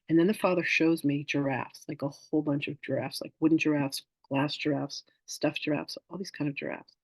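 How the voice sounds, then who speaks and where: A man's voice: a little high, normal speed, vocal fry, husky, dry recording, rough recording. A man hosting an online spiritual masterclass, telling stories in a casual teaching style and acting out the voices of the people in them. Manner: animated storyteller acting out quoted voices.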